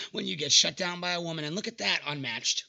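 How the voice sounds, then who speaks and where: A young man with a slightly high voice talks a little fast, with vocal fry and a pushed, bright sound, on a muffled recording. As a channel host reacting casually to dating app screenshots, he mocks the messages with exasperation and swears freely.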